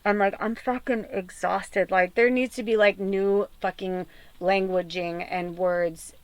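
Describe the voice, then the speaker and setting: A woman's voice: medium pitch, steady tone, measured pace, clear, resonant tone, dry recording. A woman podcast host and medium venting in a raw, tearful personal monologue, swearing often.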